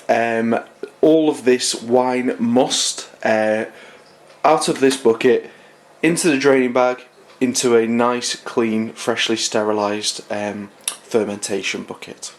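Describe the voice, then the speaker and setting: A man's voice: mid-range voice, fairly even intonation, takes it slowly. A man with a nasal voice from a cold, chatting casually through a home winemaking how-to, with lots of ums and small restarts. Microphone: handheld camera, no tripod.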